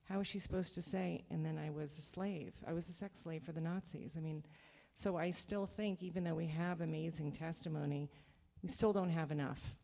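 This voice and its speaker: A woman panelist with a low, gravelly voice and a mellow tone. She speaks in a thoughtful, measured way. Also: steady tone. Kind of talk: panel talk.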